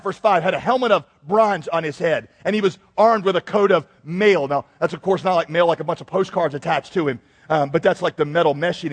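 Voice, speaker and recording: A man's voice: sits high, slightly rough. A man pastor giving a joking, conversational sermon to his church. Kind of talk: humorous sermon. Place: church sanctuary. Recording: long reverb in a large hall.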